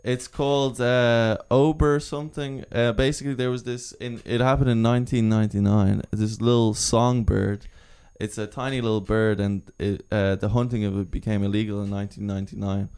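A man's voice: on the low side, steady tone, normal speed, few pauses, darkish tone, clear, resonant tone. A young man with an Irish accent, rambling through anecdotes in casual chat and laughing at his own stories. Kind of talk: casual storytelling.

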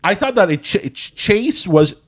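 Animated man telling a story. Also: high voice, measured pace, husky. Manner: animated storyteller, mixes Spanish phrases. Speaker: podcast co-host. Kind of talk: casual chat.

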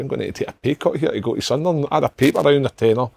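A man's voice: medium pitch, rapid-fire, creaky, darkish tone, slightly rough. A middle-aged Scottish man telling sweary, laughing anecdotes in casual podcast chat, acting out other people's lines. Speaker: podcast panellist.

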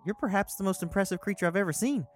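A man's voice: high voice, fast talker, a little hiss or hum. A man playing a tabletop game, talking hesitantly with stammers and fillers. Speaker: player. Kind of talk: tabletop game play, in and out of character.

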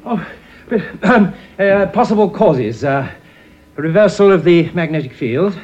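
A flustered eccentric time traveller. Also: male voice, high voice, animated, a little mellow, lo-fi sound. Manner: flustered, halting, full of ums.

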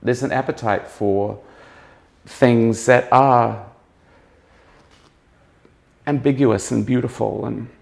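A man's voice: mid-range voice, steady tone, slow pace, vocal fry, pauses often. A man speaking as a fashion critic in a conversational interview, musing and often circling back to rephrase his points.

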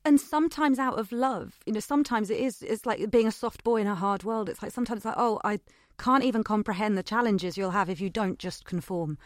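A woman's voice: mid-range voice, a little fast, no room sound, clean studio sound. A woman hosting a podcast interview in a chatty, enthusiastic way. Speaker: podcast host. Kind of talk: casual interview chat.

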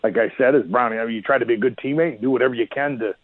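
A man telling hockey war stories over a tinny, phone-like line. He talks quickly in a rambling, animated way and keeps restarting his sentences. The sound is dry and close. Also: mid-range voice, dry recording. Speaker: guest, former pro hockey enforcer. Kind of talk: casual storytelling interview.

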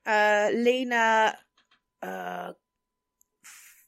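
A woman's voice: on the high side, extremely slow, fairly bright tone, clear, resonant tone. A woman co-hosting a casual podcast, ranting about a film with sarcastic, sweary exasperation. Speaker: podcast co-host.

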